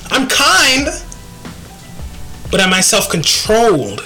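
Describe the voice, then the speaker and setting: A woman hosting a faith podcast, speaking earnestly and reflectively, quoting scripture and pausing to think aloud. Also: medium pitch, sing-song, pushed and bright, faint music behind, poor audio. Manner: earnest and reflective, quotes scripture, slow deliberate delivery. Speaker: podcast host.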